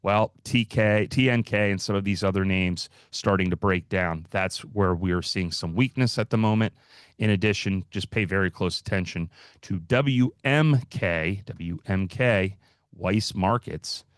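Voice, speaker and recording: Low-voiced man talking through stock charts. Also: a little slow, clear, resonant tone, dry recording, studio quality. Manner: conversational, walking through charts with fillers. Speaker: market analyst host. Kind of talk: livestream market commentary.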